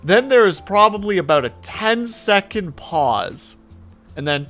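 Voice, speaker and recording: A man streaming and telling stories in casual chat, animated and quick to swear. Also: sits high, soft background music.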